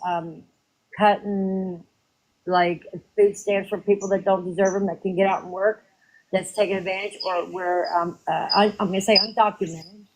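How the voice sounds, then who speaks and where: Woman, debate caller, hesitant ums, firm preachy stretches, mid-pitched voice. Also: rough recording. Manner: hesitant with many ums, then preachy and emphatic. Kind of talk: casual live debate.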